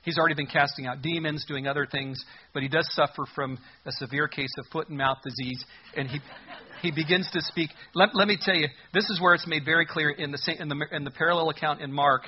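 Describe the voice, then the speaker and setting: A man's voice: on the high side, fairly even intonation, fast talker, husky, dull audio. A man preaching a sermon in a conversational, humorous way, reading scripture aloud. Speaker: pastor.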